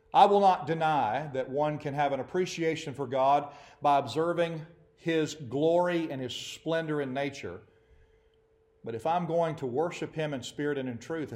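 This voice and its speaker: A man preaching a sermon to his congregation, animated and acting out quoted voices. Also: mid-range voice. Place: church assembly.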